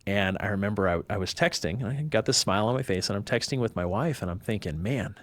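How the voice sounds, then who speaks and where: A man's voice: on the low side, fast talker, few pauses, dry recording. A man, a podcast guest, telling a personal story in casual chat and acting out the voices of the people he quotes. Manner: animated, acts out quoted voices.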